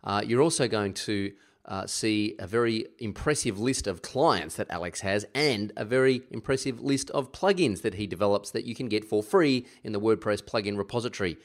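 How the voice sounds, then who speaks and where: A man's voice: on the low side, normal speed. A man hosting a podcast, delivering an upbeat, plain-spoken intro monologue. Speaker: podcast host.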